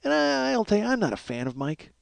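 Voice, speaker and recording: A man's voice: high-pitched, very animated, fast talker, vocal fry, no room sound. Exasperated, rambling male comic storyteller. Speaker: podcast host.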